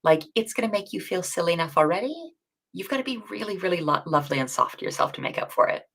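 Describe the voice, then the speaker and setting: Animated co-host, woman, gravelly and expressive, chatty teacher. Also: fairly low pitch. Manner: chatty, animated, self-deprecating, quick asides. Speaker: bootcamp co-host. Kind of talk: casual livestream teaching chat.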